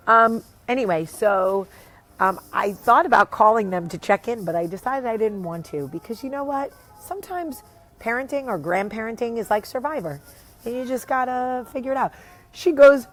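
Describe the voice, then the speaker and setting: This vlogger and show host, a woman in her thirties or forties with a New Jersey accent, talks a little fast in a medium pitch. Telling a casual story on her vlog, she's animated, swears offhandedly, and acts out whoever she's quoting.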